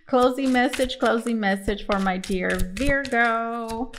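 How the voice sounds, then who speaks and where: A young adult woman giving a casual tarot reading, chatty and relaxed, with frequent fillers and restarts. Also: on the high side, drawn-out words, a little hiss or hum. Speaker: tarot reader.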